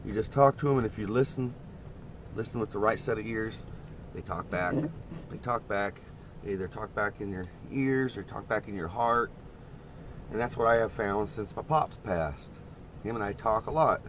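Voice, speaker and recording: A man's voice: lowish voice, moderate pace, fairly bright tone, slight background noise. A middle-aged man chatting casually and rambling to his viewers on a live stream from inside a parked camper van. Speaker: vlogger.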